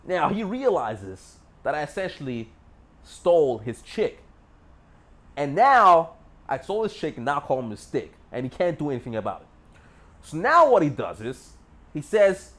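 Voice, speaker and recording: Young male vlogger, brash storyteller, swings his pitch widely, slightly high voice. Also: sing-song, moderate pace, a bit bright. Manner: boastful, swearing, rambling with many fillers. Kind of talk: casual storytelling.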